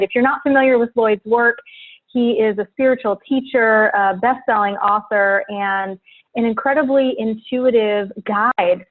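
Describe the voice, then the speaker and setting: A woman hosting a live online event, introducing her guest in a bubbly, enthusiastic way over a video call. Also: fairly high pitch. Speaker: webinar host. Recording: tinny phone-like audio.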